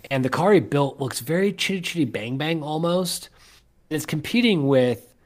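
A man's voice: fairly high pitch, lively intonation, moderate pace. A man hosting a podcast, trading teasing jokes in casual chat. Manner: joking, teasing banter. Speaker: podcast host.

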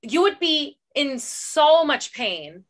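A woman's voice: sits high, very animated, slow. A woman co-hosting a casual book club podcast, blunt and sarcastic, swearing freely as she gives her opinions. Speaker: podcast co-host.

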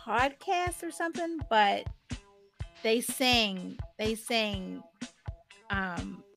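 Bright-voiced chatty woman co-host. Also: a little high, drawn-out words, gravelly, soft background music. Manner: chatty, searching for words, laughs easily. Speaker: podcast co-host. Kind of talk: casual chat.

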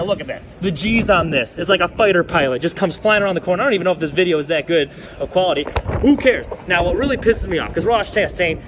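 High-voiced guy doing a hyped racing recap, faint street traffic behind him. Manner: fast, excitable, mocks drivers in put-on voices. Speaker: segment presenter. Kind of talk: excited sports recap rant.

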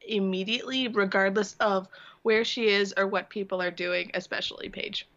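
A woman's voice: medium pitch, steady tone, normal speed, a bit bright. Woman cohost on a recap podcast, a bit muffled, dry amused comments. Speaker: podcast co-host. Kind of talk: casual recap chat. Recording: slightly dull sound.

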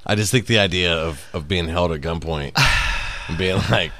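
A man's voice: sits low, moderate pace. A man co-hosting a podcast in casual comedic chat, telling stories with lots of swearing and acted-out quotes. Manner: animated storyteller, swears a lot, acts out quotes. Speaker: podcast co-host.

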